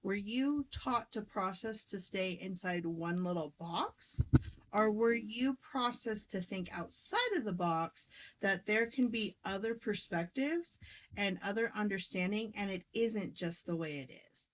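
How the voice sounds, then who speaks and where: A woman talking about inner healing in a casual teaching conversation, emphatic and lively, acting out quoted voices as she goes. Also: medium pitch, unhurried, slight background noise, rough recording. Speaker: spiritual teacher.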